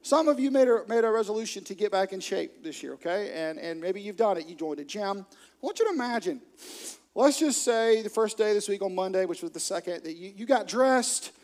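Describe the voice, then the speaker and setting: A male pastor preaching with a high, bright voice. He keeps it lively and funny, slipping into quick acted-out quotes. His energy swings from quiet asides to loud bursts. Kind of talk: sermon.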